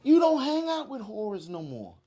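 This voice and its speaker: Man teasing with a lively pitch. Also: normal speed. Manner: teasing, profane, gives blunt advice. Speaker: podcast co-host. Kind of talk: casual chat.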